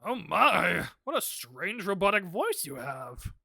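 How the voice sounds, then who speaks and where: A woman's voice: lowish voice, big pitch swings, measured pace, gravelly, sharp tone, slight background noise, heavily acted. A woman voicing a fussy, easily flustered elderly male judge in a courtroom game. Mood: bemused.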